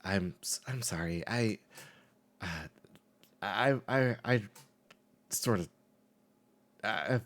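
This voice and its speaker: A man's voice: fairly low pitch, expressive, drawn-out words, pauses often, fairly bright tone, heavily acted. A man voicing a shy young man who stammers and hesitates. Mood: nervous. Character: timid, shy young man caught skipping class.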